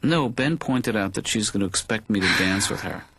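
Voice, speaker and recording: An actor voicing a mild, anxious middle-aged male therapist in a cartoon, talking in a deadpan, hesitant mumble. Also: on the low side, normal speed, slightly rough, heavily acted. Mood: dry.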